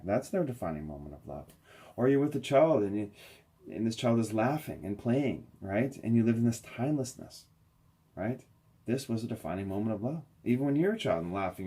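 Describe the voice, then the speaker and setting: A man, a spiritual healer, giving an inspirational talk, effusive and swinging from soft murmurs to loud, soaring emphasis. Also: lowish voice, breathy edge.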